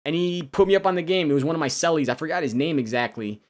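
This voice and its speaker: A young man telling his own story in a loose, halting way, full of restarts and casual slang. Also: fairly high pitch, expressive. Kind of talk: personal storytelling.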